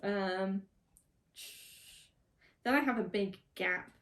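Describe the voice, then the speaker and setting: A woman's voice: mid-range voice, extremely slow, a bit bright. A woman co-hosting a casual chat about wrestling, laughing often as she talks. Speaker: podcast co-host.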